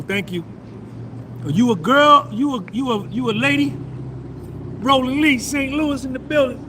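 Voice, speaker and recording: A middle-aged man on a casual live stream, loose and boastful, repeating himself as he shouts out viewers. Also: high voice, a little hiss or hum. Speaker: vlogger doing a live stream.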